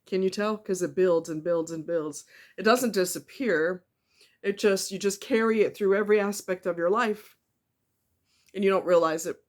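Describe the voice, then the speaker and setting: A woman speaking in a personal confessional vlog, emotional and with a tight throat, talking haltingly with many ums and restarts and swearing bluntly. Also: medium pitch. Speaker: vlogger.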